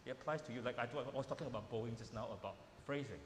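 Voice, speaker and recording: Speaking very fast in a mid-range voice, this Malaysian piano teacher coaches workshop students informally, repeating words and keeping his phrasing simple. The masterclass takes place in a large hall with a piano, so there's roomy echo, piano playing and slight background noise.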